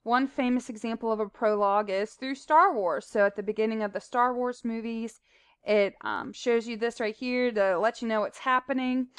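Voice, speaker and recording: Woman, teacher, recorded lesson, fairly high voice, smooth, plain explaining with fillers. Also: moderate pace, no echo.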